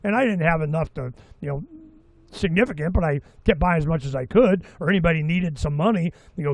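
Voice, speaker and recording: A man's voice: fairly high pitch, fairly quick, a little mellow, dry recording. A middle-aged man hosting a talk show, rambling and sarcastic in a casual monologue, slipping into mocking voices for quotes.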